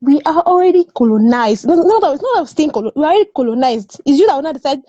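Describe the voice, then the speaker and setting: A woman's voice: sits high, lively intonation, very fast, mellow, no room sound, muffled recording. A woman from Nigeria, speaking as a guest in a casual discussion. She is emphatic, repeats words and laughs often. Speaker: guest panelist.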